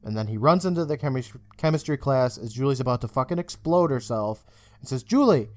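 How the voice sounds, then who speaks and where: Animated man recapping a TV episode. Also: mid-range voice, a little fast. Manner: animated, swears often, acts out quoted lines. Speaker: podcast co-host. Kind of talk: casual chat recapping a TV episode.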